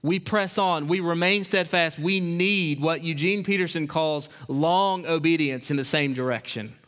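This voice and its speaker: A man preaching a sermon as a pastor, impassioned, swinging between loud exhortation and quiet emphasis. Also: on the high side, unhurried. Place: church sanctuary. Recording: long hall reverb.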